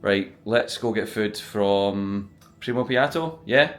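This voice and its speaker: A man's voice: fairly low pitch, slow pace. A man, gushing and laughing as he vlogs a resort visit. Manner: excitable, gushing, laughs often. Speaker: vlogger. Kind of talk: casual vlog narration. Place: resort, indoors.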